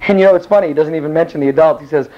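A male Bible teacher tells the story in a loose, rambling way and slips into the characters' voices. His voice sits a little high, and the recording sounds dull and lo-fi. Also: very fast. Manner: rambling, animated, acts out the characters. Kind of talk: casual Bible class storytelling.

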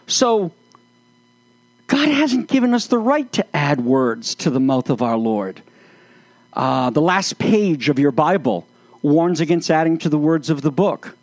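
A man's voice: fairly high pitch, lively intonation, measured pace, dry recording. A man speaking as a pastor in sermon-style commentary, earnest, with flashes of exasperated sarcasm.

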